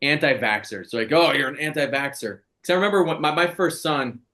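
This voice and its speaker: A man's voice: a little high, a little fast, bright, forceful tone. A man in his forties, a podcast co-host, telling stories in blunt, profane casual chat. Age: 40s.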